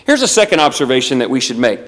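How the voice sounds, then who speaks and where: A man preaching a sermon at a church meeting, emphatic, slowing to stress key words and rising with urgency. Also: mid-range voice, big pitch swings, a bit bright, long reverb tail. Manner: emphatic, shifts between urgent and slow deliberate phrasing. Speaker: visiting preacher.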